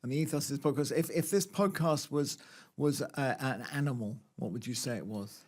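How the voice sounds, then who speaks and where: A man's voice: mid-range voice, brisk. A man co-hosting a gardening podcast, chatting casually with wry, playful, slightly mock-grand phrasing. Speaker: podcast co-host.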